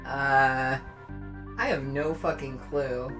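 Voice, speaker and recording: A woman's voice: very deep voice, steady tone, takes it slowly. A woman co-hosting a retro game stream, joking, laughing and swearing freely as they play. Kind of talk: casual playthrough banter. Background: game music.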